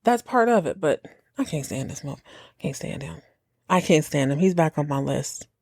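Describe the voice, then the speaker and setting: A woman hosting a podcast, reacting to a TV episode in casual, exasperated commentary, cursing freely and slipping into quick mocking impressions. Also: low-pitched, creaky, no echo. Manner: animated, exasperated, swears freely, mocks characters in quick impressions. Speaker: podcast host reacting to a TV show.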